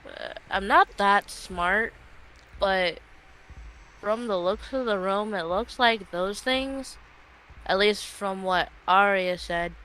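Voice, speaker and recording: Bright, smooth-voiced hesitant gamer. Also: medium pitch, slow, low-quality recording. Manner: hesitant, many fillers and restarts. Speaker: tabletop player. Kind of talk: casual tabletop game chat.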